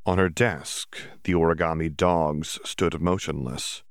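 Male audiobook narrator; low, gravelly, steady and measured; dry booth sound. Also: dry recording. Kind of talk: scripted narration.

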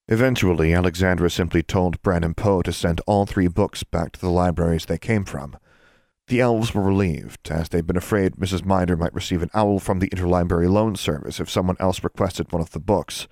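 A man reading fiction aloud as an audiobook narrator, steady and measured. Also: low-pitched, dry recording, studio quality. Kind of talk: scripted narration.

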